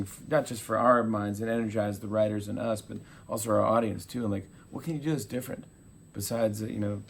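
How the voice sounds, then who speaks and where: A man in his forties, a talk show host, telling animated stories in a casual interview and acting out quotes. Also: on the low side, vocal fry, slight background noise. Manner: animated storyteller, acts out quotes.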